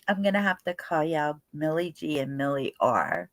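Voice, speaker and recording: A woman's voice: low-pitched, sing-song, no echo. A tired young woman, hosting a casual livestream chat and greeting viewers by name. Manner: greets chatters by name, chatty and unhurried. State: tired, yawning. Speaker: livestream host.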